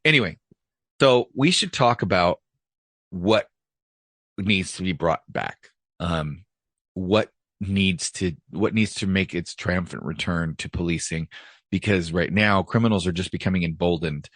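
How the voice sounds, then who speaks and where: Low-voiced blunt man co-hosting a podcast. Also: unhurried, a bit bright, no echo, studio quality. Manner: blunt, profane, opinionated. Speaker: podcast co-host; former police officer. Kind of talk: casual chat.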